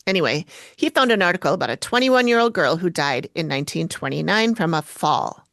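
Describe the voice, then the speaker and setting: A woman's voice: fairly low pitch, animated, fairly quick, fairly bright tone, no room sound. A woman co-hosting a podcast, recapping an episode in casual chat, swearing freely and adding dry asides. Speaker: podcast co-host.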